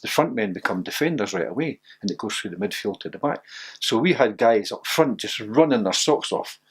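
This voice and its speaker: A man's voice: lowish voice, animated, a little fast, husky. Older Scottish man telling stories. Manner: storytelling, laughs often, acts out quotes. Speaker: former footballer interviewee. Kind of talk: reminiscing interview.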